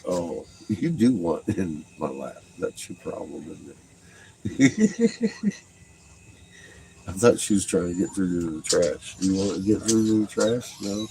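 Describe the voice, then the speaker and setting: A man at home talking casually to his dogs, swearing freely and slipping into high coaxing pet talk. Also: a little slow, noisy background.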